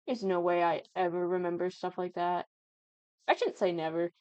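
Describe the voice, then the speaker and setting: A woman's voice: fairly low pitch, moderate pace, darkish tone, clean tone, no room sound. Giggly rambling 19-year-old woman. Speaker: gaming YouTuber. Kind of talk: casual chat over gameplay. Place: at home. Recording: dull lo-fi dry sound.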